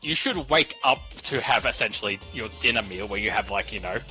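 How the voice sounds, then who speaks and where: A man's voice: fairly low pitch, expressive, brisk, bright, forceful tone. A man chatting on a stream, ranting animatedly and swearing often. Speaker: guest on a stream. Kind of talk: casual chat. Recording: muffled stream audio with faint music.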